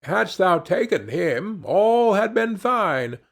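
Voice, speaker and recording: A man's voice: high voice, big pitch swings, takes it slowly, fairly bright tone, voice pushed up, exaggerated voice. A man doing a blunt travelling fiddler.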